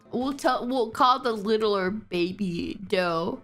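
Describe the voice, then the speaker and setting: Slow-talking, animated young woman streamer. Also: soft background music. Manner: animated, breaks into laughter, squeaky excited bursts. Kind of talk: casual storytelling on a live stream.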